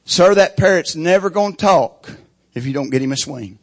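A woman's voice: deep voice, animated, normal speed, voice pushed up. A preacher voicing a plain-spoken female pet store clerk in a joke, delivered matter-of-fact.

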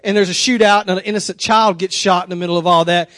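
A man's voice: fast talker, dry recording, studio quality. A man, preaching a sermon through a folksy, conversational story. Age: 30s. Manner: folksy, conversational storyteller, voice rises high when excited.

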